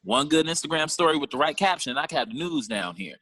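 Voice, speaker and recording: A man doing stand-up comedy over a video call, telling a story in an animated, slangy way with acted-out dialogue. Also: on the high side, fast, vocal fry, husky, low-quality recording.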